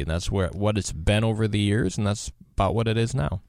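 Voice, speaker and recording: A man's voice: fairly low pitch, fairly quick, no room sound. A man hosting a live radio talk show in a studio, chatting casually with many fillers. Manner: relaxed, rambling, many fillers.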